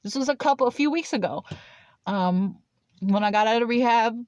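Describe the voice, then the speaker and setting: A woman's voice: a little high, normal speed, darkish tone, dry recording, dull audio. Young woman rambling with constant "like". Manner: rambling, filler-heavy with constant "like". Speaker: vlogger. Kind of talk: casual personal storytelling.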